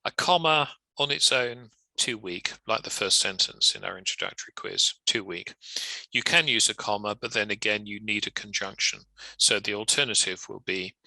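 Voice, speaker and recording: A man teaches writing rules in a relaxed, chatty way. His voice sits low with a gravelly texture and a bright, forward tone. The sound is close and dry. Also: moderate pace, dry recording, poor audio. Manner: chatty, conversational asides. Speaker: legal writing trainer. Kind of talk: instructional lecture.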